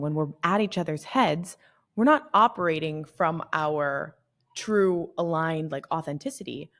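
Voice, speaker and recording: Low-voiced woman, calm and reflective. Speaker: podcast co-host. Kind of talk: reflective explanation.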